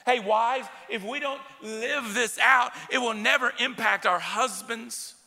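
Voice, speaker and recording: Unhurried yet pushed and bright, a pastor's high, gravelly voice echoes with long reverb through a church sanctuary. Preaching emphatically, he keeps making direct calls to the live congregation.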